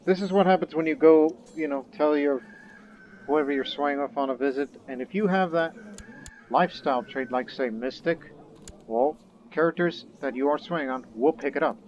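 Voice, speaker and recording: A man's voice: fairly high pitch, moderate pace, a little mellow, a little hiss or hum. A man giving casual, rambling commentary while playing a strategy game, thinking aloud as he goes. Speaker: let's play gamer. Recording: dull lo-fi recording with faint game music.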